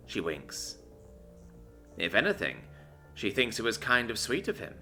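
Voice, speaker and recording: A man narrating a story in an expressive, lively reading. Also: on the low side, unhurried, long pauses, faint music behind.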